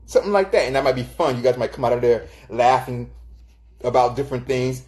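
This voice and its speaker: A man's voice: medium pitch, a little fast, a little mellow. A man from Florida giving relationship advice on a live stream, talking casually and greeting viewers by name. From Florida, United States. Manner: chatty, greets viewers by name, acts out quoted voices.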